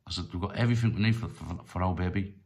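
A middle-aged man telling a personal story in a rambling, halting way, full of restarts and fillers. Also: deep voice, a little mellow. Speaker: storyteller vlogger.

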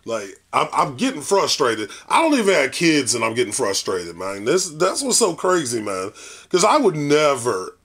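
A man's voice: medium pitch, huge pitch swings, moderate pace, fairly bright tone, husky. A man hosting a reaction video, exasperated and swearing casually, with preachy asides. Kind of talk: reaction commentary.

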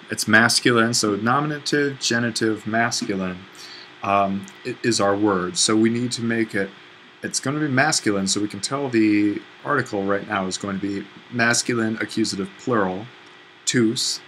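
Man, teacher, screencast lesson, thinking aloud, self-correcting, lowish bright voice. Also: a little hiss or hum, poor audio. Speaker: Greek teacher. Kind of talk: screencast lesson walking through an exercise.

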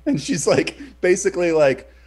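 A man co-hosting a casual podcast, telling a story with lots of fillers and loud, shouted reenactments of what people said. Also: mid-range voice, normal speed. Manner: animated, shouts in reenacted quotes. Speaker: podcast co-host.

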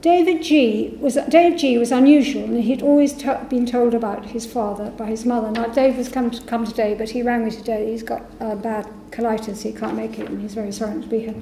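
A woman's voice: a little high, steady tone, fairly quick, creaky, few pauses, dark tone, a little hiss or hum. Woman lecturing in an echoey hall. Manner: reads testimonies aloud, voicing the quoted speakers. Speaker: university lecturer. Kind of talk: public lecture.

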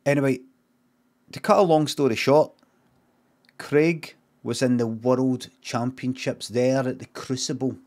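A middle-aged Scottish man improvising a comic story, rambling and deadpan, swearing freely and drifting off on tangents. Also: mid-range voice, unhurried. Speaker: streamer.

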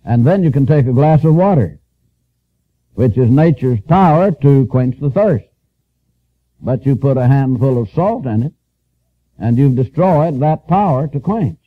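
A man preaches with slow, deliberate emphasis, circling back on key phrases and reading scripture in an old-fashioned cadence. His voice sits at an ordinary middle pitch. It comes through a narrow, tinny band, like an old archival radio broadcast. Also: lively intonation. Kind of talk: sermon.

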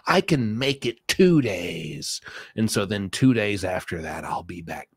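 A man reacting with biting sarcasm, his voice dropping to low mutters and then rising into loud mocking pleas. The sound is dry and close, with no room around it. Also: lively intonation, measured pace, breathy edge, no echo. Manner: sarcastic, mocking, swings between mumbling and exasperated outbursts. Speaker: commentator reacting to a prison call recording. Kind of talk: satirical reaction commentary.

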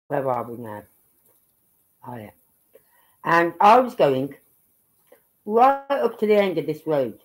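A woman from England with a Birmingham accent, chatting casually on a livestream and thinking aloud as she goes. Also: low voice. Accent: Brummie (Birmingham). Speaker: livestream commentator.

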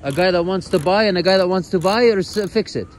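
A man's voice: high-pitched, fast talker, slight background noise. A man buying cars, talking in a brash, boastful salesman patter outdoors. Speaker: car buyer.

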